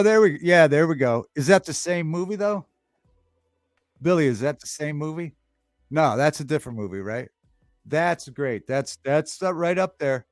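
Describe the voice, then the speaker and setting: A man's voice: fairly high pitch, no echo, clean studio sound. A man hosting a livestream talk show, chatting casually, reading the chat aloud and repeating favorite movie lines with relish.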